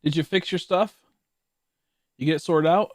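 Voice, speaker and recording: A man's voice: on the high side, moderate pace, no room sound, studio quality. A man in his late twenties, a streamer chatting casually to his viewers, rambling with lots of laughs, swearing and stammered restarts. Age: late 20s. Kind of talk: casual livestream chat.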